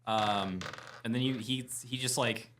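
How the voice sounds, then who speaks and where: A man narrating as game master, describing scenes in a lively, casual, laughing way. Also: medium pitch, unhurried, noisy background.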